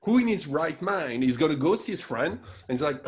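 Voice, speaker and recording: A man in his thirties from France with a French accent, co-hosting a podcast in an animated, laughing rant. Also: fairly high pitch, moderate pace, hardly any pauses. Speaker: podcast co-host. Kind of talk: casual chat.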